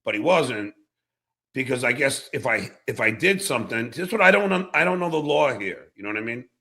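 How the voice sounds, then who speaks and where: A man's voice: mid-range voice, animated, brisk, vocal fry, sharp tone, breathy edge. A man on a live stream talking through an incident, thinking aloud with hesitant, profane asides. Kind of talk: casual crude banter.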